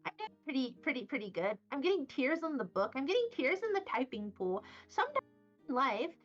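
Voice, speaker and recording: High, lively young woman streamer. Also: fairly quick. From Wyoming, USA. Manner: rambling, silly and playful. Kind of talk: casual chat, reading chat messages. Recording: slightly dull audio with faint background music.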